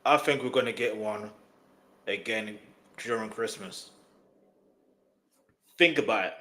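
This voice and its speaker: A man's voice: fairly low pitch, measured pace, a bit bright. A man in a casual reaction chat, insistent and repeating his points. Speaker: co-host of a reaction show.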